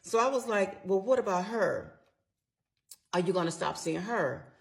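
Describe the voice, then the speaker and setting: A middle-aged woman recounts her own story in a casual monologue. Her voice sits in a middle pitch. She speaks candidly and emphatically, mixes in salty slang, and addresses her listeners directly. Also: animated, unhurried, creaky.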